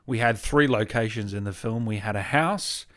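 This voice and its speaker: A man's voice: on the low side, normal speed, fairly bright tone. A man co-hosting a casual film review podcast, blunt and scornful, laughing often. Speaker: podcast co-host.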